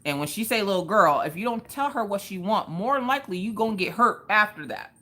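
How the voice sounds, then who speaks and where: A young woman hosting a craft livestream, telling a story to her viewers in an animated way and acting out the quotes with Southern slang. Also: medium pitch, fairly quick.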